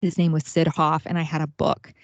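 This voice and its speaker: Earnest woman host, really low voice, kinda muffled lo-fi audio. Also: flat delivery, a little fast, no echo. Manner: earnest and reflective, speaks openly about family struggles. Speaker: podcast host. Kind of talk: casual faith-based interview chat. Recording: dull, dry lo-fi sound.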